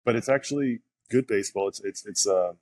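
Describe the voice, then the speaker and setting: A young man with a low, deep voice speaks casually as a podcast guest, rambling through his stories with frequent fillers and restarts. The recording is dry and close, with no room sound. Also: a little fast, darkish tone, no room sound. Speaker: professional pitcher, podcast guest. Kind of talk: casual interview storytelling.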